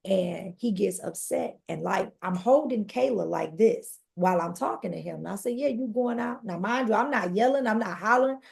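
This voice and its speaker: A woman's voice: mid-range voice, moderate pace, gravelly, few pauses, darkish tone. A woman guest on a podcast, earnestly telling her own life story and speaking straight to the listeners. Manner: earnest, addresses listeners directly. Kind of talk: personal testimony storytelling.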